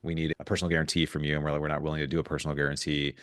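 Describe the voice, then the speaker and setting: A man speaking as a guest in a podcast interview, telling stories in an animated way with frequent restarts. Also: a bass voice, no echo, clean studio sound. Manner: fast, animated storytelling with restarts. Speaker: guest investor.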